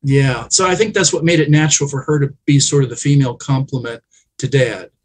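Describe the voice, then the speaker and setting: A man's voice: mid-range voice, fairly even intonation, a little fast, a little hiss or hum, poor audio. A man, a guest on an interview show, telling reflective and emotional family stories in a conversational way.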